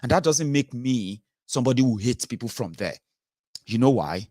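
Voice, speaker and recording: Recorded dry at studio quality, a man with a medium-pitched, mellow, animated voice speaks at a moderate pace. He's a southern Nigerian political commentary host with a Yoruba accent, giving an emphatic, rhetorical, opinionated monologue laced with "uh" and tag questions.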